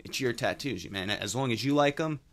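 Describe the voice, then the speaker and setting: Young man, podcast guest, gravelly fry, loose rambling answers. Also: medium pitch, fairly quick. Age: young adult. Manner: relaxed, filler-heavy. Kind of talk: casual interview answers.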